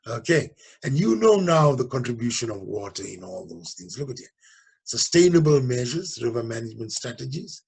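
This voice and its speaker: A man's voice: medium pitch, creaky, husky. A man teaching a geography revision lesson, often checking understanding with "okay?" and "you understand?".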